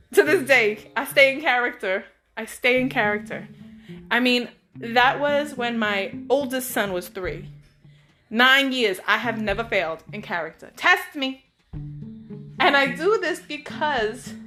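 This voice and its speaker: A woman with a bright, high voice tells personal stories as host of her own show, chatty and animated. She breaks off for playful asides to her listeners, while soft guitar music plays faintly behind her. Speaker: podcast host. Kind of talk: casual storytelling monologue.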